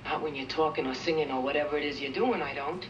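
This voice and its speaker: A woman's voice: deep voice, fast, lo-fi sound, close to an everyday voice. An actress playing a patient but weary wife who talks her husband down in a film clip. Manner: tired, placating. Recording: roomy distant film audio with noise.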